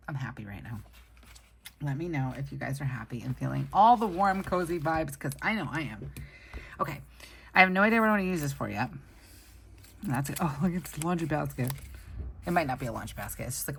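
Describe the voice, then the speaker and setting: Chatty low-voiced woman, gravelly. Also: fairly bright tone, a little hiss or hum. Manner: chatty, rambling, upbeat. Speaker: planner vlogger. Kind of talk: casual plan-with-me chat. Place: home desk. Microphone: camera set low on the desk.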